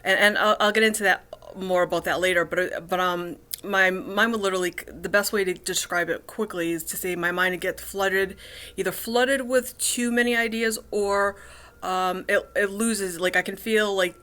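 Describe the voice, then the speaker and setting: A woman in her thirties talking casually to the camera in a personal vlog, halting often with ums, restarts and cut-off words. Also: medium pitch, steady tone, bright, forceful tone. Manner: halting, full of restarts and ums, cluttered speech. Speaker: vlogger.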